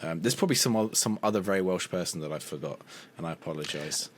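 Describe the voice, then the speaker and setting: A man hosting a podcast, chatting casually with quick jokey asides. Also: low voice, animated, a little hiss or hum. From Liverpool, England. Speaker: podcast host. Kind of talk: casual chat.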